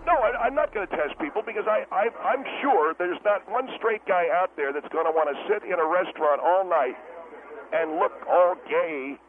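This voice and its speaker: A man's voice: high voice, normal speed, a little hiss or hum, lightly acted. A man voicing a brash, defensive male steakhouse owner calling in, stammering and blustering through a tinny phone line. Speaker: caller. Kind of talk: talk radio comedy bit.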